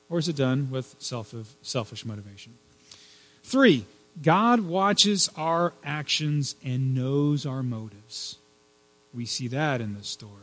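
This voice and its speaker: A man's voice: on the high side, low-quality recording. A male pastor giving a sermon in a conversational way, with frequent fillers and repeated words.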